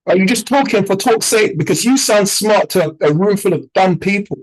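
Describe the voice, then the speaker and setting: A man's voice: high voice, a little fast, poor audio. A man with a British accent, a trading mentor giving an emphatic, conversational motivational talk to a group, often checking in with "yeah?". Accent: British English.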